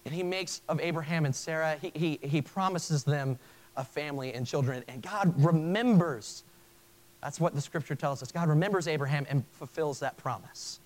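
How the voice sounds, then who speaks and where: A man's voice: fairly high pitch, normal speed, low-quality recording. A male pastor preaching a sermon in an earnest way, often stopping and restarting his phrases. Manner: earnest, with frequent stammered restarts.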